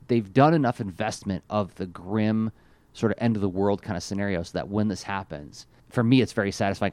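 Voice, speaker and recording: A man's voice: fairly low pitch, darkish tone, no room sound. A man co-hosting a casual podcast, talking with enthusiasm and lots of fillers as he reviews a cartoon. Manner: enthusiastic, rambling, many fillers. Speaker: podcast co-host.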